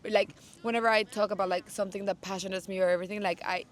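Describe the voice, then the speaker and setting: A young woman from Mexico, a guest in a casual interview, talking in a lively, passionate way full of "like". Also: mid-range voice, racing. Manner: animated, passionate, says "like" a lot. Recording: noisy, without a mic.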